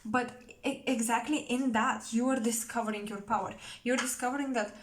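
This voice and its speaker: A woman's voice: a little high, fairly even intonation, moderate pace, slight background noise. A young woman giving a casual tarot reading, chatty and rambling, with many fillers and self-corrections. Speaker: tarot reader.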